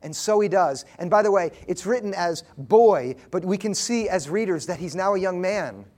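Earnest, high-voiced male preacher. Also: expressive, a little mellow. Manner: earnest storytelling with emphatic pauses. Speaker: pastor. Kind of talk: sermon.

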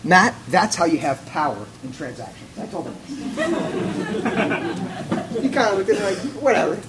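A man's voice: a little high, very animated, normal speed, a loud crowd, very noisy. A man giving a sermon in a church, telling a conversational, self-mocking personal story and acting out the dialogue. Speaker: pastor.

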